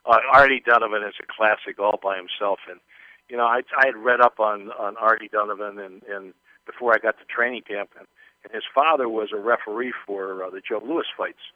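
A man's voice: fairly low pitch, fairly quick, no room sound. An older man, a former football player, telling rambling anecdotes as an interview guest, with many restarts. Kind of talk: casual interview storytelling. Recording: tinny phone line.

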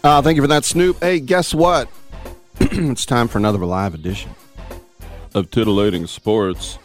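A man hosting a live sports radio show in a casual, jokey way, rambling and swinging his pitch around playfully. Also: normal speed, soft background music. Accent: Northern Californian.

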